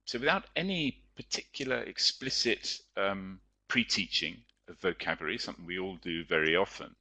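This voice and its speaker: Low, bright-voiced male teacher. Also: normal speed, husky. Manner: chatty, explanatory, with frequent fillers. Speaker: teacher and writer presenting a webinar. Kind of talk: webinar lecture.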